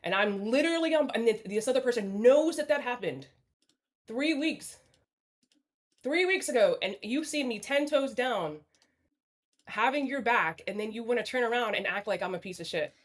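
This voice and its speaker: A woman's voice: fairly high pitch, expressive, moderate pace. A woman talking bluntly and apologetically on a livestream panel over a video call, swearing often. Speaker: stream panel guest. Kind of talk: candid livestream chat.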